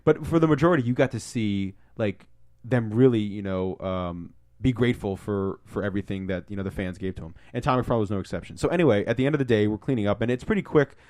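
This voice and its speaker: A man co-hosting a podcast, telling stories in a casual, excitable way and swearing freely. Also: fairly low pitch, fast talker. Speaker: podcast co-host. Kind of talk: casual storytelling.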